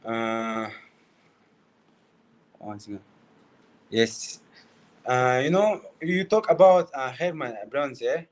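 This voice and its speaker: A man's voice: medium pitch, expressive, slow, long pauses. A man, not a native English speaker, answers interview questions in short broken phrases, often saying "you know". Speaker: guest fighter.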